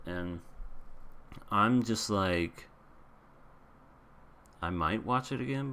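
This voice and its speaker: A man's voice: low-pitched, fairly bright tone. A man recapping and reviewing an anime episode in a casual, blunt, rambling way, with frequent restarts.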